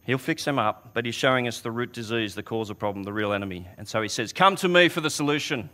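A man's voice: medium pitch, quick pace, pushed and bright. A man preaching a sermon, earnest and conversational, often restarting his words as he tells a story.

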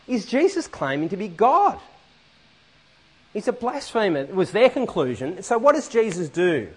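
A man preaching a sermon in a church hall, animated and often asking the congregation questions. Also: high-pitched, unhurried, breathy edge.

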